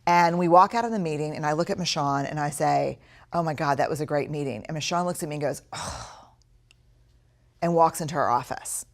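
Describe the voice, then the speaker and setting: A woman with a low, grounded voice speaks to an audience, telling candid stories from her working life. She talks frankly and brings them to life by acting out her own inner voice. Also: fast. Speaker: speaker on courage and leadership. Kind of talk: storytelling talk to an audience.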